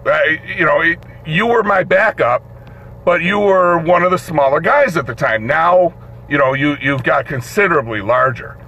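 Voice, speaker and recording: A man hosting a live show, telling a story in an animated way, swearing and acting out the voices in it. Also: a little high, moderate pace. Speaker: host. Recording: dull lo-fi stream audio with faint noise.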